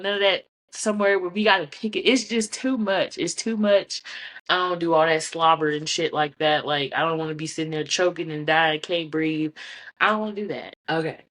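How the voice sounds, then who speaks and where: Blunt, frank woman with a low voice. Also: brisk, a bit bright. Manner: blunt, frank and laughing often. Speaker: podcast host. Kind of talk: casual candid chat to camera.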